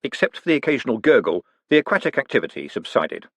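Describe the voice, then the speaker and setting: Male storybook narrator, expressive and lively, mid pitch, dry sound. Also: fast talker, dry recording. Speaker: audiobook narrator. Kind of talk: scripted narration.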